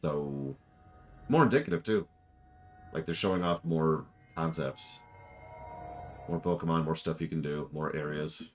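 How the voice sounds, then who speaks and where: A man's voice: a bass voice, measured pace, creaky, pauses often, faint music behind. A man streaming live, giving casual, sarcastic and offhand commentary on game trailers.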